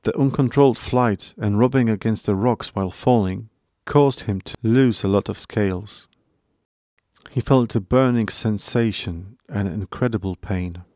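A man narrating a storybook in a measured, earnest way. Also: on the low side, dark tone, dry recording, clean studio sound.

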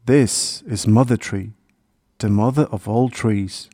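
A man voicing a big, cheerful and gentle male deer in a storybook, speaking in a friendly, reassuring way. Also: on the low side, slow, no echo, clean studio sound. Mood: kind. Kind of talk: storybook character voice.

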